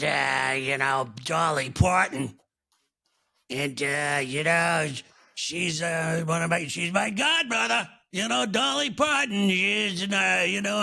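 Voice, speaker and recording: A man impersonating a brash young female pop star in a put-on New York accent. He rambles loudly, full of fillers. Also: fairly high pitch, creaky, full character voice.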